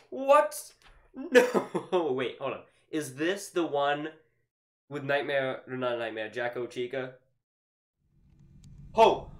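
Jumpy, lively gaming YouTuber man. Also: fairly high pitch, reverberant. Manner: jumpy, shrieks and nervous laughter. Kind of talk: reacting to a VR horror game.

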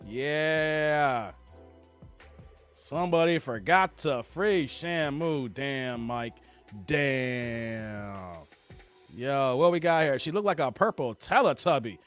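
A man's voice: mid-range voice, animated, slow, a bit bright, smooth, faint music behind. A man hosting a live stream, laughing and teasing as he reads the chat aloud. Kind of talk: casual live stream commentary.

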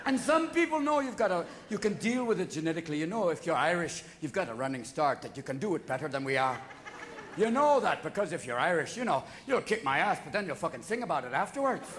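A man performing live stand-up comedy, manic and profane, riffing rapid-fire on a big theater stage. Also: on the high side, sing-song, fairly bright tone, slight background noise. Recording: live theater recording with audience laughter.

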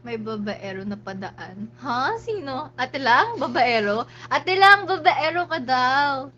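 A young Filipino woman chats away on a live stream, playful and excitable with frequent squeals. Her voice sits high and swings all over the place. The audio is slightly muffled and lo-fi. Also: measured pace, hardly any pauses, slight background noise. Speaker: livestream host. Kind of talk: casual live-stream chat.

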